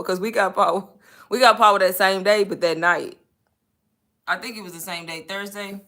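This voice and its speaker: A young woman hosting a live stream, telling stories in an animated, chatty way. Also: mid-range voice, fairly quick. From Texas. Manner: animated storytelling with laughs. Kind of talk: casual chat.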